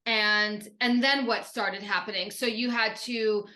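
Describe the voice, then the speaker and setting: A woman's voice: medium pitch, fairly even intonation, a little slow, sharp tone. A woman hosting an interview, asking curious follow-up questions. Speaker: interviewer host. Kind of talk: conversational interview.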